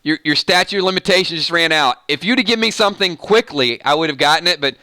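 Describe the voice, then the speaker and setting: Bright Southern-accented man hosting a stream. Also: on the high side, fast talker, no echo. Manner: jokey, reads viewer comments aloud. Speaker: live stream host. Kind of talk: casual live stream chat.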